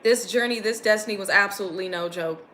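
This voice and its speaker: A woman's voice: mid-range voice, fast, pushed and bright, a little hiss or hum. A young woman giving an earnest, intense channeled spiritual reading to her viewers. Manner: earnest, intense, gets emotional. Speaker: spiritual reader.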